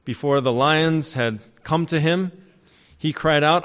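A male pastor preaching a sermon emphatically, swinging between loud declarations and quiet asides. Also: fairly high pitch, takes it slowly. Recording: hall reverb.

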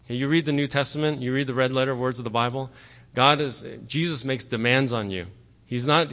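A man preaching a sermon earnestly, often pausing on "okay" and growing forceful on key words. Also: medium pitch. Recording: long hall reverb.

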